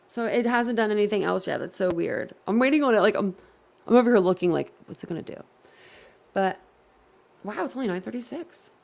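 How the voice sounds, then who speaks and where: A woman with a medium-pitched, creaky voice hosts a casual livestream. She chats directly to her viewers, giggling and getting flustered easily.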